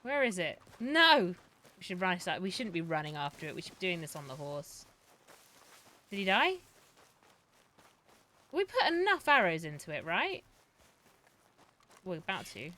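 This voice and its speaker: A young woman streaming live, giving casual, excitable, profane commentary on her game and talking to her chat. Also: fairly low pitch, normal speed, pauses often.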